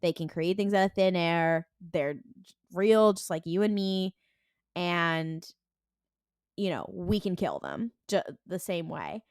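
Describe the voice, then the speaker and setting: A woman co-hosting a podcast, casually recapping a TV episode and acting out the characters' lines in quick voices, with a lot of "like". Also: fairly low pitch, sing-song, clean tone, dry recording, clean studio sound. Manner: heavy use of "like" and "and he's like". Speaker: podcast co-host.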